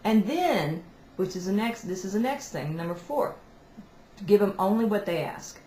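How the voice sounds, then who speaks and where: A woman's voice: medium pitch, animated, moderate pace, warm tone. A woman hosting weekly spiritual messages, giving advice in a casual, conversational way and often restarting her sentences. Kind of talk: casual teaching talk to camera. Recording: echoey room, faint background noise.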